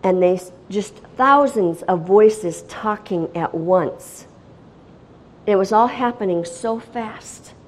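A middle-aged woman gives a spoken testimony in a steady mid-range voice. She tells it dramatically, dropping to a hush and then rising to loud, excited bursts. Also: medium pitch, slow. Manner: dramatic storytelling, swinging from hushed to loud and excited.

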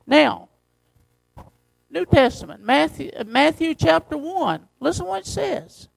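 A man pastor preaching a sermon, reading scripture slowly and driving his points home with emphasis. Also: very high voice, animated, creaky, no echo, rough recording.

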